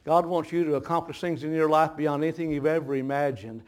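A man preaching a sermon, telling a folksy story with laughter that turns hushed and grave, with audible gasps between phrases. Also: on the high side, steady tone, fast. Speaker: pastor.

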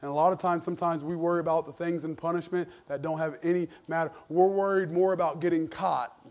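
Man, thirties, pastor, sermon, church, earnest, loud then hushed, higher voice. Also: steady tone, fast talker. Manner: earnest storytelling, swings from loud preaching to hushed confession. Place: church sanctuary.

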